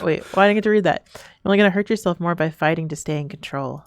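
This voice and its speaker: A young adult woman streaming a game, reading its text aloud between excitable, crude, giggly banter. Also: fairly low pitch, fast, no echo.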